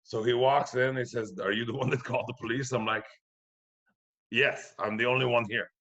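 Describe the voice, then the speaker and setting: A middle-aged man from Quebec telling a profane, animated anecdote on a podcast, acting out the other people's voices. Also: mid-range voice, a little fast, dull audio. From Quebec, Canada. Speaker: podcast guest comedian. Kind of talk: storytelling anecdote.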